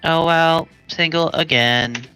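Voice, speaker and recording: A player voicing an earnest, naive robot student in a halting, formal way. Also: mid-range voice, bright, forceful tone, clean tone, faint music behind, rough recording.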